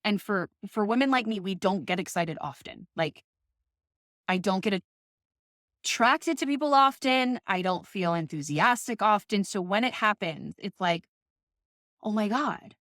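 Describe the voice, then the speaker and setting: A woman's voice: medium pitch, animated, moderate pace, a bit bright, dry recording, clean studio sound. A woman in her thirties talking in a casual, passionate monologue, swearing often and ranting with emphasis. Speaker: podcast host.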